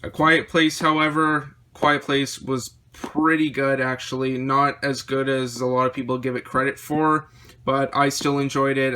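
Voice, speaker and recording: A man vlogging about his movie collection, rambling through titles with quick opinions, his voice a little worn. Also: mid-range voice, pushed and bright, slight background noise. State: slightly losing his voice. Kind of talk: casual chat showing a collection.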